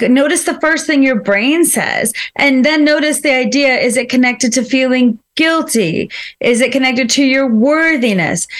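A woman with a high voice co-hosts a casual podcast conversation. She talks in a reflective, coaching way, slipping into playful quoted voices as she goes. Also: fairly bright tone. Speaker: co-host.

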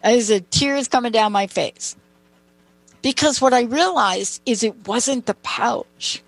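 On a rough, dry recording, a woman speaks slowly in a fairly high voice. She hosts a talk show and shares her own stories conversationally, now and then turning to make side comments to her co-host.

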